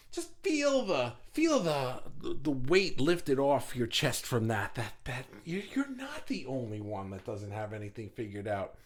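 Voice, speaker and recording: A man's voice: medium pitch, sing-song, a little slow. A man hosting a live online group session, chatting casually with viewers, greeting them by name and rambling with jokes and the odd swear word. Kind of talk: casual livestream chat with viewers.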